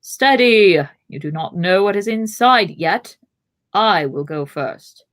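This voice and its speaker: A woman's voice: on the low side, measured pace, close to an everyday voice. A woman growling as a stern old wizard. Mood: urgent. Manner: commanding, growling.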